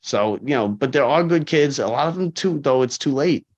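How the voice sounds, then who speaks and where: A man in his forties, a corrections officer, telling stories in a casual interview, animated and full of fillers. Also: mid-range voice, normal speed. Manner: animated, acts out quoted people, frequent fillers. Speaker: corrections officer, podcast guest. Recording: dull lo-fi podcast audio.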